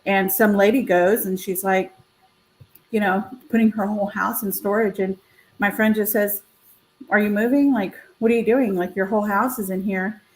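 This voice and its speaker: A woman's voice: mid-range voice, moderate pace, poor audio. A woman realtor on a video call, telling a story casually and acting out the voices she quotes. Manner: animated, acts out quoted voices. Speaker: realtor and co-host. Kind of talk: casual storytelling on a live stream.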